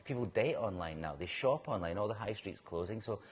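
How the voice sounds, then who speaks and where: A middle-aged Scottish man chatting in an interview, telling animated stories and restarting sentences as he goes. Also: lowish voice, fairly quick. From Scotland. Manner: animated storyteller, restarts and laughs mid-sentence. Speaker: actor guest. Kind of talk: casual interview chat. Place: whisky bar in a city centre.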